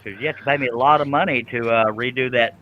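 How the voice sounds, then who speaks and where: A man's voice: medium pitch, steady tone, quick pace, muffled recording. A man hosting a live stream, chatting casually and joking while he works at a scroll saw. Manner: joking, folksy, laughs often. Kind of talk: casual chat while working.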